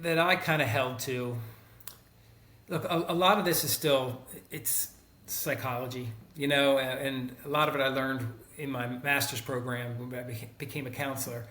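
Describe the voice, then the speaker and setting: A man's voice: mid-range voice, reverberant. A middle-aged man and former teacher, telling stories in a casual conversation and acting out the people he quotes. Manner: animated storyteller who acts out quoted people. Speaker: guest, former teacher and school counselor.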